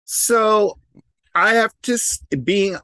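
A man's voice: high-pitched, fairly even intonation, takes it slowly, pushed and bright, clean tone, no room sound, studio quality. A man co-hosting a casual podcast chat, hesitant, with frequent restarts. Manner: hesitant, many restarts and fillers. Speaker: podcast co-host.

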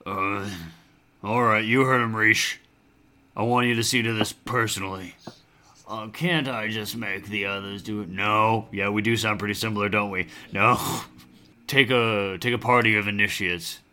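A man voicing a gruff, burly male commander who gives curt orders. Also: on the low side, steady tone, a little slow, bright, forceful tone. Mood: commanding.

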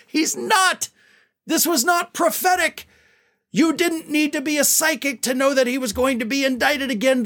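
High-pitched guy ranting on politics, sarcastic and fed up. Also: a bit bright. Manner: sarcastic, exasperated. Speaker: political commentary host. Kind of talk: opinionated commentary monologue.

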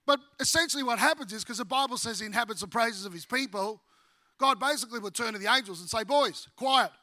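A middle-aged Australian man, a pastor preaching a sermon with humorous, animated storytelling. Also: extremely high pitch, fast talker, no room sound.

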